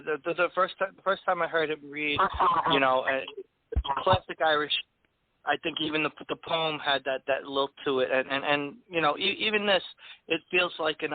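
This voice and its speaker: A man's voice: fairly high pitch, no echo. A man hosting a poetry radio show, chatting casually and rambling with many restarts. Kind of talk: casual chat. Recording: dry tinny phone line.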